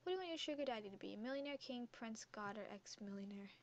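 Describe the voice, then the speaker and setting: A woman's voice: on the high side, animated, fast, muffled recording. Teenage girl, giggly, casual quiz commentary, headset mic around her neck, faint background noise. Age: teens. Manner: giggly, chatty, reads quiz questions aloud and answers them. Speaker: gaming YouTuber. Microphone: headset mic worn around the neck.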